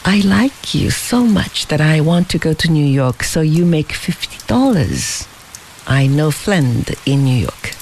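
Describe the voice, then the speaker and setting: Earnest young boy in broken English, put on by the book's reader, lilting and slow-spoken. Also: mid-range voice, lively intonation, darkish tone, a little hiss or hum, low-quality recording. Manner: broken English, short clipped sentences.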